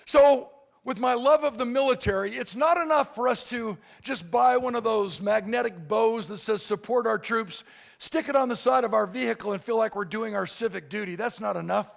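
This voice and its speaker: A middle-aged man speaks from the stage as a motivational speaker, his voice pitched high for a man and gravelly at the edges. He moves his keynote along with comic storytelling and plays out the other people in quick quoted voices. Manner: animated, acts out characters in quoted voices. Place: convention hall.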